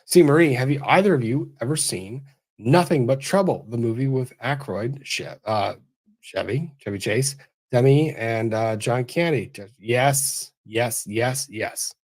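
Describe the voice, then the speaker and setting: A man of ordinary middle pitch works through a stream of viewer questions on a late-night livestream. He reads each one aloud and answers briefly and plainly. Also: a little slow, darkish tone. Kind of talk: livestream Q&A commentary.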